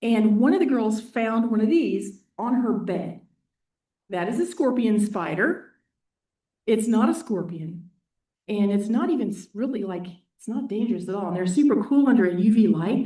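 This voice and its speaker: Animated storytelling woman in an echoey hall. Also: mid-range voice, normal speed. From East Central Indiana. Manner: animated, acts out quoted voices and whispers. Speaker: award winner giving a talk. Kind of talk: storytelling talk with slides. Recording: echoey hall, distant mic.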